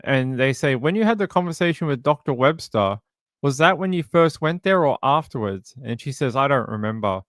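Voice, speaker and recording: Smooth-voiced man reading a transcript. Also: mid-range voice, expressive, a little fast, fairly bright tone, no room sound, clean studio sound. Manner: plain reading with many fillers and restarts. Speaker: true crime channel host. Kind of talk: reading a police interview transcript aloud.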